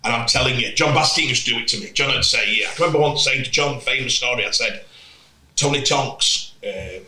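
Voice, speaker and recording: A man's voice: medium pitch, fairly quick, reverberant, a little hiss or hum, poor audio. A man telling stories in casual podcast chat, acting out quotes. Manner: animated storytelling with acted-out quotes.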